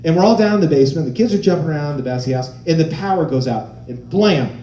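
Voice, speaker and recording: A man in his forties does stand-up in a roomy live venue, his voice sitting a little high and swinging widely in pitch as he tells his stories. The tone stays mellow and dark even when he gets animated. He jumps into the voices of the people in his stories, then drops back to the set. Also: fast, highs cut off, slight background noise. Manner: animated storytelling, acting out quoted voices. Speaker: stand-up comedian. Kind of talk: stand-up comedy.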